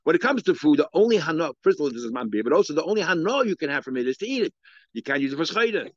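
A man's voice: fairly high pitch, big pitch swings, racing, no room sound. A man with a Yeshivish English accent teaches a page of Talmud. He thinks aloud, full of fillers and restarts. The recording is dull and lo-fi, and dry with no room sound. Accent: Yeshivish English, Hebrew and Aramaic terms mixed in. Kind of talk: daily Talmud lecture.

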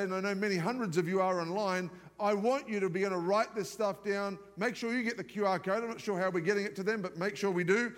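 A male pastor preaching a live church sermon in a lively, conversational way, with humorous asides. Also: high voice. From outside the United States. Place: large church auditorium. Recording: long reverb of a large church hall.

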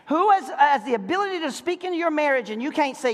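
A middle-aged pastor preaching a sermon to married couples, firing rhetorical questions and acting out voices. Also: male voice, extremely high pitch, lively intonation, quick pace, few pauses. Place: church sanctuary. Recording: reverberant church hall.

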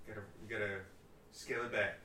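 Bright-voiced man, off-mic and roomy. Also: on the low side, little pitch movement, fast talker, far from the mic. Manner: good-humored, defensive banter. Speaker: co-host. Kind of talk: casual chat.

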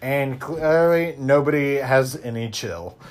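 A man's voice: medium pitch, slow. A man hosting a podcast, chatting casually about a movie, laughing often and swearing offhandedly. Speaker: podcast host. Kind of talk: casual movie recap chat. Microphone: audio podcast mic.

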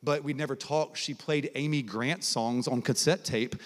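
A man preaching to a college crowd, telling lively conversational stories and dropping to soft, low tones for emphasis. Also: normal speed. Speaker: guest preacher. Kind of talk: sermon with personal stories. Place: large hall at a college ministry gathering. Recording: long hall reverb.

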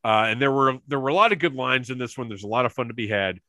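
Excitable chatty man, bright dry voice. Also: mid-range voice, dry recording. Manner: excitable, chatty, quick to laugh. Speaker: podcast co-host. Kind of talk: casual chat about a cartoon.

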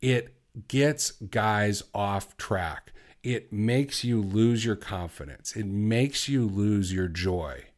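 A man hosting a solo podcast, talking bluntly and exhorting his listeners, moving from quiet reflection to fervent conviction. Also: on the low side, slow pace, hardly any pauses. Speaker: podcast host. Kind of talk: impassioned solo podcast talk.

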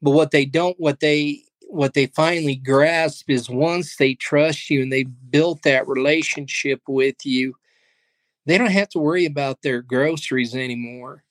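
A pastor and guest in a casual interview, speaking in an earnest, faith-driven storytelling way. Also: male voice, a little high, fairly even intonation, a little slow, no echo. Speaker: pastor and ministry leader, guest.

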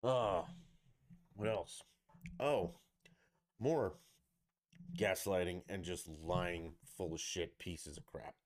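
A man's voice: deep voice, takes it slowly, long pauses. A man hosting a podcast, ranting in a blunt, profane and sarcastic way. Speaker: podcast host. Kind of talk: angry political rant.

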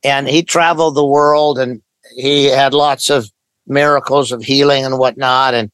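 An older man from Idaho, a pastor, calmly recounting a story as a guest on an interview podcast, with quoted dialogue woven in. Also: medium pitch, normal speed, clear, resonant tone, no echo, poor audio. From Idaho, USA.

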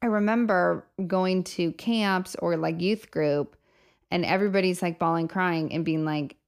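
Woman, podcast host, casual reflective chat, lowish voice, frequent laughter. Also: a little slow, clear, resonant tone. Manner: chatty, laughs often, self-reflective. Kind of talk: casual faith conversation.

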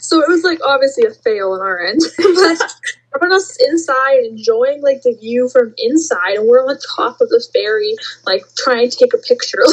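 A young woman chatting in an excitable, rambling way, saying "like" a lot. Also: fairly high pitch, moderate pace, breathy edge, low-quality recording. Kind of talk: casual chat.

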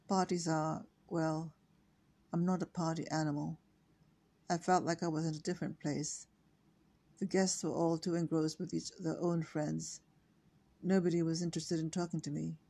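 Downcast young woman, tense and withdrawn, flat delivery; older woman reader. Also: sits low, normal speed, gravelly, slightly rough, full character voice. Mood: upset. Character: lonely, upset young woman.

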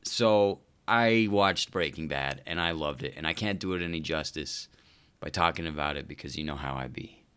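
A man's voice: a bass voice, moderate pace, a bit bright, clear, resonant tone. A man ranting casually in a profane, rambling comedic style, calling everyone "dude.".

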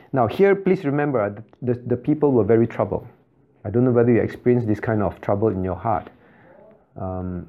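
A man preaches in a middle-pitched voice, pressing his points by repeating short phrases and turning questions back to his listeners. He speaks as a pastor addressing his congregation. The recording is a little dull and muffled. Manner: asks the congregation frequent rhetorical questions. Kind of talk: sermon.

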